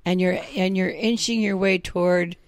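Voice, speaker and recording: Gravelly woman co-host, supportive. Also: on the low side, steady tone, normal speed, no room sound. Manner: supportive, coaching interjections. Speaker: podcast co-host. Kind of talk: casual chat.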